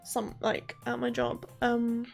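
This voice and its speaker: Young woman from the south of england, teasy and laid back, streaming chat, slightly high voice. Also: little pitch movement, slow pace, vocal fry, faint music behind. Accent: southern English. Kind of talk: casual chat while streaming a game.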